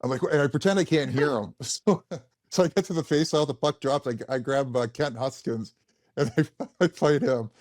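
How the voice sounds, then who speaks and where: A man's voice: a little high, moderate pace, a little mellow, dry recording, clean studio sound. A man in his thirties, a former pro hockey player, telling stories in casual chat, laughing often and rambling with many restarts.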